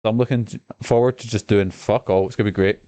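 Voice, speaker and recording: Swearing streamer, lower voice. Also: male voice, fairly even intonation, quick pace, mellow. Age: adult. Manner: chatty, swears freely, enthusiastic. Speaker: gaming streamer. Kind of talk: casual gameplay commentary.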